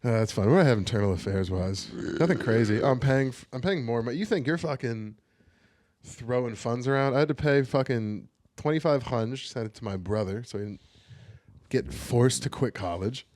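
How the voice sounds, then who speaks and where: A man's voice: mid-range voice, normal speed, no echo. A young man co-hosting a podcast, rambling and swearing through a loose casual chat. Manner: rambling, profane, animated storytelling with put-on whiny voices. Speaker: podcast co-host.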